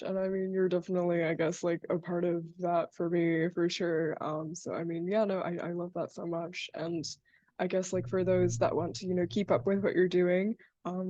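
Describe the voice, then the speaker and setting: A teenage girl hosts an interview, speaking eagerly but hesitantly, with lots of fillers. Her voice sits a little low, and the recording is dry and slightly muffled. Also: dark tone, dry recording. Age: teens. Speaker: podcast host. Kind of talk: casual interview chat.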